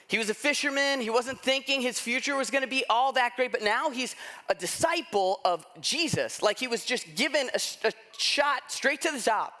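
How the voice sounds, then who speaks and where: A man preaching a sermon, telling a story in a lively, conversational way and acting out the people he quotes. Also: extremely high pitch, normal speed. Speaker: pastor.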